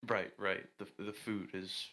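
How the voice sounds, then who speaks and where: A man's voice: deep voice, flat delivery, a little slow, bright, forceful tone. A man playing his character in a tabletop game, speaking mildly and conversationally. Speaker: player.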